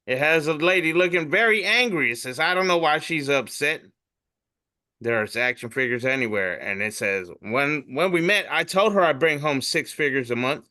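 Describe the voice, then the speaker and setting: A man's voice: on the high side, expressive, moderate pace, bright, forceful tone. A man who does comedy, hosting a podcast and reading memes aloud in a loose, profane, jokey way. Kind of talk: casual comedic meme reading.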